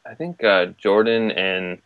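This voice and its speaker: A man's voice: on the low side, unhurried, clean tone, dry recording, phone-quality sound. A man guesting on a casual podcast chat, jokey and self-mocking, laughing at his own jokes.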